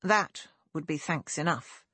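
A woman voicing a polite, gracious young lady who speaks gently and formally, in an audiobook. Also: low voice, measured pace, husky, dry recording, heavily acted. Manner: gentle, well-mannered and formal. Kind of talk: audiobook character voice.

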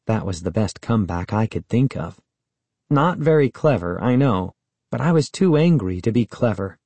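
Man narrating a storybook, slow. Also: mid-range voice, mellow, dry recording. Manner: sulky, bitter first-person boy telling. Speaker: audiobook narrator. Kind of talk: first-person storybook narration.

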